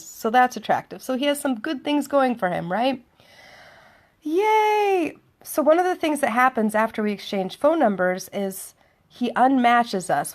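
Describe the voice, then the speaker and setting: A woman telling a dating story in a chatty, sardonic monologue, acting out both sides of the conversation. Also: medium pitch. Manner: chatty, sardonic, acts out dialogue. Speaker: vlogger.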